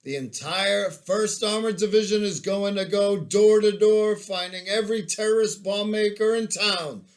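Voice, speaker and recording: A man reading aloud and voicing a loud, commanding army sergeant major with a German accent. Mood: rallying. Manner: booming, rallying, drawn-out.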